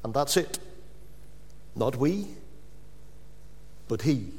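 A man preaching a sermon, stressing key words slowly and then dropping his voice to a hush. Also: medium pitch, animated, long reverb tail. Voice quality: emphatic, with drawn-out stressed words and sudden drops to a hush.

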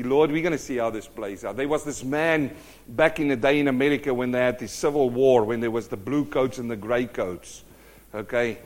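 A man preaching a sermon, telling stories in an animated way. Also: mid-range voice.

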